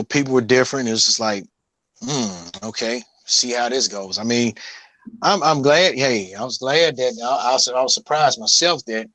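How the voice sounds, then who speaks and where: Bright, animated man telling family stories. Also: mid-range voice, no echo, low-quality recording. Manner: rambling, profane, restarts often. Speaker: guest. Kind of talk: casual storytelling about his late father.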